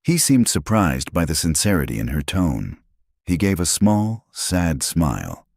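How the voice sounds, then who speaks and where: A man's voice: low voice, sing-song, measured pace, gravelly, dry recording, studio quality. A man narrating a scripted story with a dramatic, suspenseful delivery.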